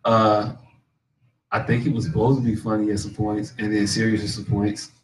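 A man's voice: lowish voice, level tone, normal speed, far from the mic, slight background noise, poor audio. Laid-back man a bit off-mic. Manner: laid-back, repeats himself, slangy. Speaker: guest comedian and actor. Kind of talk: casual podcast chat.

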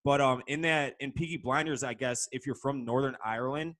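A man on a podcast holds forth at length in an ordinary mid-range voice, opinionated and profane. He talks in a steady, casual way. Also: medium pitch, fairly quick. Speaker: podcast co-host.

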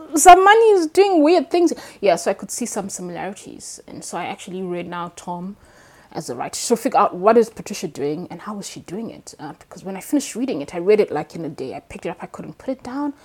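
A woman novelist talking through a book in an interview, thoughtful with frequent fillers and lively bursts. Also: on the low side, fast, husky. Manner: thoughtful, animated when excited, frequent fillers. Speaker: novelist guest. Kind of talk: conversational interview with a read-aloud passage.

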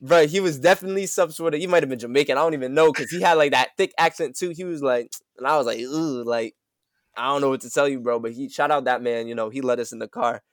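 A man's voice: mid-range voice, fast talker, dry recording, studio quality. A young man hosting a casual podcast chat, telling a laid-back, slang-filled story. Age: young adult. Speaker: podcast host.

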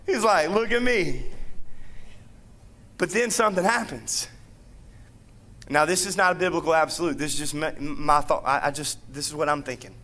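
A man's voice: fairly high pitch, a little fast, bright, forceful tone. A man in his thirties preaching a sermon in a playful, joking way, acting out quotes as he tells stories. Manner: playful, jokey storytelling with acted-out quotes.

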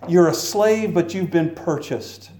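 A man's voice: fairly high pitch, unhurried, dark tone. A young adult man preaching an earnest sermon, rising into exclamations. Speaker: pastor.

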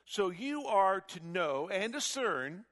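A man preaching a sermon, animated and emphatic, with frequent rhetorical questions. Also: high-pitched, slow pace.

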